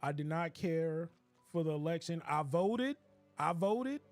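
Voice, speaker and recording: A man streaming a game, riffing in a joking, animated rant with laughs. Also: fairly high pitch, measured pace, faint music behind. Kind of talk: casual comedic commentary while gaming.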